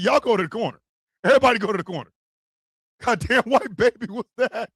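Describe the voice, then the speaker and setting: An American man hosting a podcast, joking loudly and laughing through rowdy casual banter. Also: very high-pitched, gravelly, no echo. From United States. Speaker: podcast host. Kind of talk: comedic casual chat.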